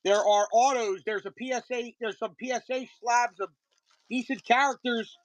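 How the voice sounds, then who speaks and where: A live-stream host selling card breaks, chatting casually and greeting viewers by name, with a voice that is getting a little hoarse. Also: medium pitch, fairly even intonation, normal speed, dry recording, rough recording.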